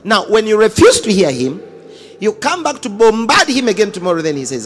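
A man, a pastor, preaching a sermon in a dramatic style, swinging between booming lines and hushed ones and acting out dialogue. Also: big pitch swings, a little fast, slightly rough, faint music behind.

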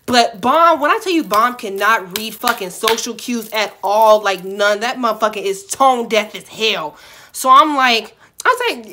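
A young woman telling a story to camera with a bright, lively voice. She is animated and dramatic, with plenty of cursing. Her pitch sits a little high. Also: brisk. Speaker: vlogger. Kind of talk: storytime vlog.

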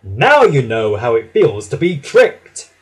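A man's voice: medium pitch, wildly swooping pitch, slow, slightly rough, pitched below the performer's own voice, heavily acted. A man voicing a big, strong, boastful male express engine in a storybook reading, with gloating, bossy calls. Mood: teasing.

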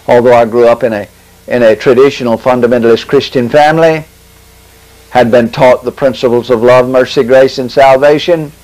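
A man giving a testimony sermon, preaching dramatically with long pauses and slow, stressed phrases. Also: mid-range voice, darkish tone, poor audio.

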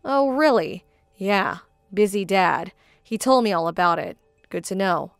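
A woman voicing a hurt, firm young bride-to-be who speaks in a measured, indignant tone. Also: medium pitch, animated, gravelly, smooth, no echo, studio quality, soft background music. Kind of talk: dramatized story voice acting.

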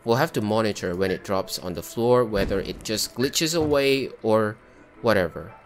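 Man narrating his cooking game, animated. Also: lowish voice, normal speed. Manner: talks himself through tasks, bursts into exasperated outbursts. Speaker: gameplay video host. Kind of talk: live gameplay commentary.

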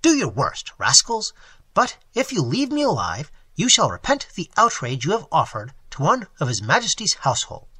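A man's voice: a little high, wildly swooping pitch, moderate pace, bright, forceful tone, breathy edge, dry recording, exaggerated voice. A man doing a haughty, flustered nobleman. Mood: indignant. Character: proud, indignant nobleman traveller, adult male.

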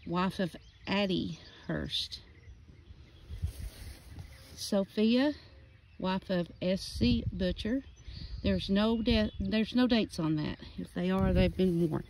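Her voice medium-pitched, slow, and a little mellow, a woman casually narrates a walk through a rural cemetery, reading headstone names and dates while slightly out of breath. It's a low-quality recording with slight background noise, birdsong, and outdoor ambience.

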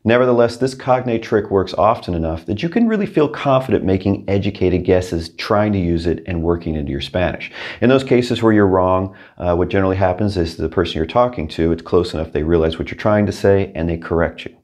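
Male language teacher, deep voice, patient and clear, slow repeated example words. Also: darkish tone. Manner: patient, clear, repeats each word twice. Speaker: Spanish teacher. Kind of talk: scripted language lesson.

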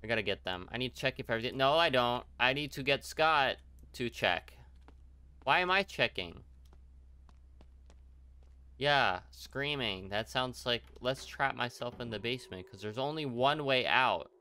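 A man's voice: medium pitch, expressive, unhurried, pauses often, pushed and bright, clear, resonant tone. A young man playing a horror game, reacting jumpily, swearing and talking to himself. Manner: jumpy, swearing, talks to himself. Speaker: let's play gamer.

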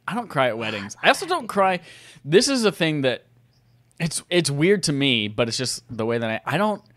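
A man co-hosting a podcast in easy, casual conversation. His pitch swoops up and down, and he breaks into laughs and loud quoted lines. The sound is dry and close, with no room echo. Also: big pitch swings, moderate pace. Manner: chatty, laughs often, acts out quotes loudly. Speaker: podcast co-host. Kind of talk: casual chat.

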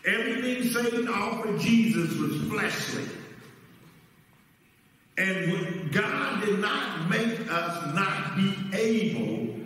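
A man's voice: sits high, animated, slow pace, a bit bright. A man teaching a Bible study as pastor, preaching with rhetorical questions to the congregation in a church. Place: church sanctuary. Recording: echoey hall, mic far off.

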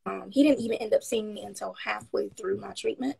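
A woman guest telling her story in a casual interview, frank and upbeat, rambling with many pauses and ums. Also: mid-range voice, vocal fry, darkish tone, husky, low-quality recording.

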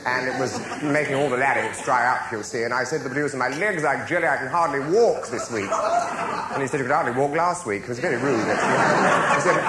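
A man's voice: medium pitch, animated, quick pace. A man hosting a cabaret show, delivering camp, theatrical comic patter in a nasal voice. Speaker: cabaret host. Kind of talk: comic stage monologue. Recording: roomy stage with audience and hiss.

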